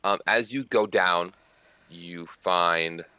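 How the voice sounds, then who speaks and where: A man narrating a tabletop game as game master, in a relaxed, conversational way with occasional fillers. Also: low voice, slow pace, clear, resonant tone, no room sound.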